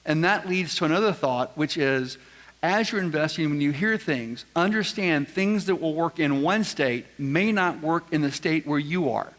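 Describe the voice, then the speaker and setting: A man's voice: fairly high pitch, lively intonation, normal speed, fairly bright tone. Folksy man quizzing a seminar crowd. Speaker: seminar speaker. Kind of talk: live seminar talk to an audience. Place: large event room with audience. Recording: long hall reverb.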